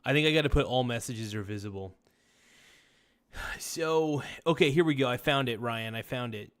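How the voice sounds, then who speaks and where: A man's voice: medium pitch, normal speed, fairly bright tone. Tired male streamer, casual rambling talk-show host, medium voice. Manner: rambling, tired and laid-back, says "man" a lot. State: tired, yawning. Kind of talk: casual late-night stream chat reading viewer messages.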